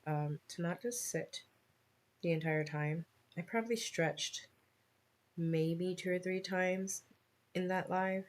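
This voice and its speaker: A woman's voice: on the low side, measured pace, pauses often. A woman chatting casually on a livestream while she cross-stitches, laughing at herself and muttering as she works.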